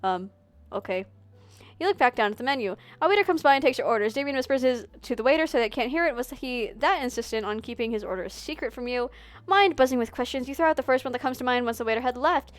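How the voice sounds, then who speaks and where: Fast, giggly woman streamer reading a game. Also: on the high side, expressive, no room sound. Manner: giggly, speed-reading, chatty asides. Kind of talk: reading a visual novel aloud on stream.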